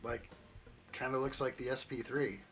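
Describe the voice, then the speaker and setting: A man's voice: mid-range voice, little pitch movement, normal speed, fairly bright tone, soft background music. A man hosting a live building stream, chatting casually and jokingly with viewers as he reacts to the chat. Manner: jokey, chuckling, reacts to chat.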